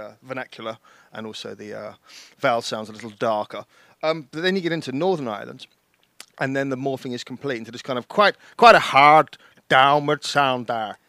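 A man's voice: medium pitch, creaky, no room sound. A man hosting a podcast in casual chat, jokey and playful. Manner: jokey, playful, drifts into put-on accents. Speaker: podcast host.

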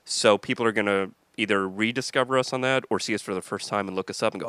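A man's voice: lowish voice, a bit bright, no room sound. A man hosting a casual podcast chat, jumping between subjects and swearing freely. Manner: fast, jumpy, swears casually. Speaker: comedian podcast host.

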